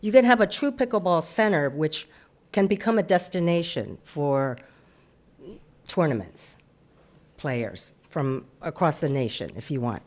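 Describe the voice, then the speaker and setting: A woman's voice: lowish voice, a little mellow. Insistent woman speaking at public comment. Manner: insistent, with halting restarts. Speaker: public commenter at a city council meeting.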